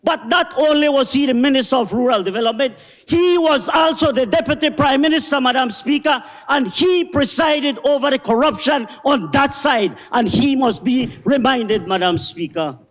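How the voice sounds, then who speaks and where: Belizean guy ranting in parliament, really high voice, long echo in the chamber. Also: moderate pace. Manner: forceful, indignant oratory, repeating "Madam Speaker". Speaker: government minister. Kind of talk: parliamentary speech.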